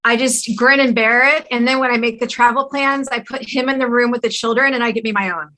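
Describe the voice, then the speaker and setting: A woman's voice: on the high side, fairly even intonation, fast talker, sharp tone, rough recording. A woman answering as a game show contestant with a dry, joking reply.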